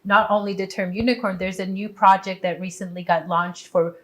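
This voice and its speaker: A woman in her thirties from Poland, a startup community founder speaking in a measured, fluent way in an interview. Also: medium pitch, fairly even intonation. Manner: measured, fluent with occasional fillers. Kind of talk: conversational interview.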